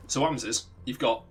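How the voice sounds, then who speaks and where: Rambling, swearing male streamer. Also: mid-range voice. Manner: rambling, profane, laughs at own story. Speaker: let's play streamer. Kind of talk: casual storytelling while gaming.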